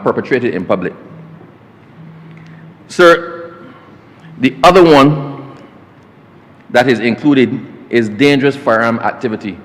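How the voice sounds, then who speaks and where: A Barbadian man speaks from the floor of a parliament chamber, his voice trailing a long reverb. His pitch sits mid-range for a man. His delivery is formal, he keeps turning to the chair with "sir", and he drifts into homely storytelling asides. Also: fairly bright tone. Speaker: government minister. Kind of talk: parliamentary speech.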